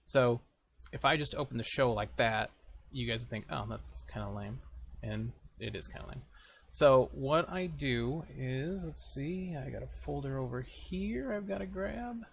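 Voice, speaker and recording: A man's voice: medium pitch, expressive, unhurried, vocal fry, slight background noise. A man casually talking through a screen-recorded editing tutorial, thinking aloud as he clicks around. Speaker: video tutorial host.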